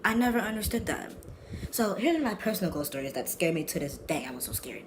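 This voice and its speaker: A man's voice: high voice, big pitch swings, quick pace. Young male vlogger, rambling slangy storyteller, constant background noise. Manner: rambling, slangy, repeats and restarts himself. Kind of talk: casual storytelling vlog.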